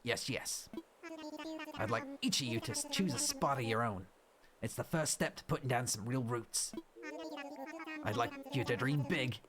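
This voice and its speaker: A man voicing a genial older male raccoon businessman in a video game, in a low, hushed, measured voice. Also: crowd noise, natural voice. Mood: genial, businesslike.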